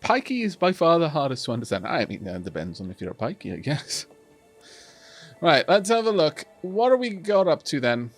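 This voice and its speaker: A man's voice: on the high side, sing-song, fairly quick, soft background music. A Welsh man chatting casually to his live-stream audience while playing a strategy game, rambling along with many restarts.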